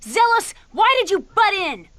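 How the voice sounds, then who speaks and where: A woman's voice: very high-pitched, sing-song, unhurried, no room sound, heavily acted. A woman voicing an earnest, self-sacrificing young female ninja in a video game, pleading and emotional. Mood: puzzled. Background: loud game music.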